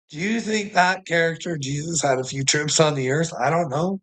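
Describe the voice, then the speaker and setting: A man's voice: fairly high pitch, slow, long pauses, a bit bright. A man hosting his own channel, rambling, swearing and laughing often as he mocks the clips he reacts to. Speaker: channel host.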